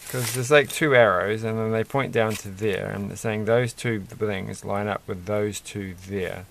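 Man, low gravelly voice, rambling building commentary, faint background hiss. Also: steady tone, unhurried. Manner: rambling, musing aloud, mildly self-deprecating. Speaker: toy building vlogger.

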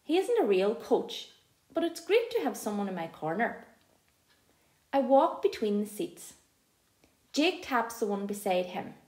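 A woman reading a first-person audiobook aloud in an expressive, lively storytelling manner. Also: medium pitch, measured pace, pauses often. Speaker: audiobook narrator. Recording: echoey room.

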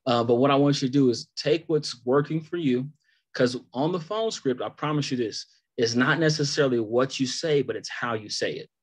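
A man in his thirties leads a phone sales training over a video call, at a medium pitch. He coaches in a direct, conversational way, repeating key points for emphasis and acting out sample lines. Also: normal speed, breathy edge. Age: 30s.

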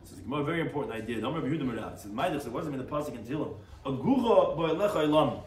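A man's voice: medium pitch, racing. A man, a rabbi teaching a daily Talmud class, reads Aramaic phrases and explains them in English, acting out the sages. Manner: animated, acts out the quoted sages. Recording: echoey room, far from mic, faint noise.

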